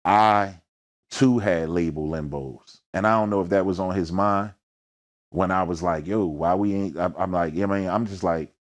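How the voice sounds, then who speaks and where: A low-voiced man with a Philadelphia accent sits down for an interview about his rap career. He talks in thick slang and tells his stories with energy, acting out the voices and sounds in them. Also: steady tone, moderate pace. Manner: slangy, peppered with "you know what I mean". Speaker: rapper, interview guest. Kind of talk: storytelling in a sit-down interview.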